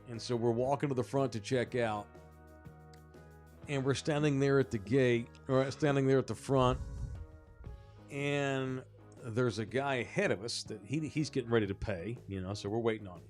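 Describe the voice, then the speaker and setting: A man hosting a sports podcast, telling a story in a casual, animated way, swearing and acting out the voices of the people in it. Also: mid-range voice, moderate pace, faint music behind. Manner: animated, profane, acts out the people in his story. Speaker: podcast host.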